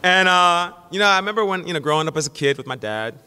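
Animated man preaching in an echoey hall. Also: high voice, fast talker, slight background noise. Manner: animated storytelling, acts out quotes. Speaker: pastor. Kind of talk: sermon. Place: church sanctuary.

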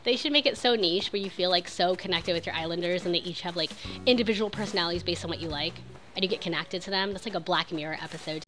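A young woman chatting excitedly while streaming a video game, full of "like" and quick reactions. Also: lowish voice, loud music behind the voice. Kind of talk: casual game streaming chat.

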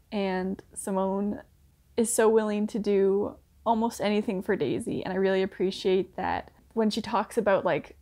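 A woman's voice: mid-range voice, a little mellow. A young woman reviewing a TV series in casual chat, talking with lots of "like" fillers and small laughs. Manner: chatty, filler-heavy with frequent "like", laughing asides. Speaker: book reviewer.

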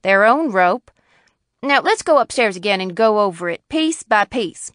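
Lady reading a smug county attorney guy, offhand, a bit louder. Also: mid-range voice, expressive, normal speed, no echo, clean studio sound, lightly acted. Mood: businesslike. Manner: tolerant, offhand. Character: condescending male county attorney.

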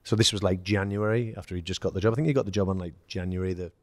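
English ex-footballer guest, low dry voice, anecdotal and animated. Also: male voice, very fast, dry recording. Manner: storytelling, acts out quoted dialogue, laughs. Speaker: former footballer, podcast guest. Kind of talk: casual anecdote telling.

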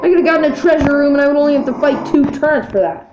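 A gaming video creator talks fast in a high voice over her own gameplay, the lo-fi audio roomy with game music behind her. She's playful and exasperated, addressing the on-screen characters and breaking into yelps.

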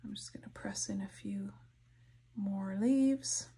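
A soft-spoken woman narrating a painting tutorial, her voice dropping to whispers as she concentrates. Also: mid-range voice, slow pace, slightly rough. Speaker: art instructor.

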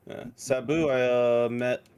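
A man's voice: mid-range voice, steady tone, measured pace, gravelly, a little mellow. A man co-hosting a podcast in casual chat, with dry, matter-of-fact banter. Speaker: podcast co-host, wrestler.

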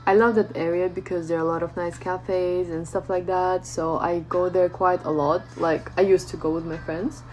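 A woman vlogger telling a casual story in a chatty way, full of fillers and lively retelling. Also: on the low side, moderate pace, hardly any pauses, a little hiss or hum, low-quality recording. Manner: chatty, peppers speech with "like", animated retelling.

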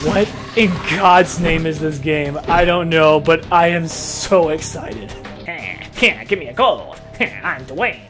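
A man hosting a let's-play video, excitable and profane, often laughing and shouting at the game. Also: a little high, takes it slowly, over music. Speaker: gaming video host.

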